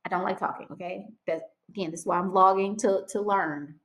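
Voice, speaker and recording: A young woman vlogging casually, telling a story with lively quoted dialogue and many restarts. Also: medium pitch, a little fast.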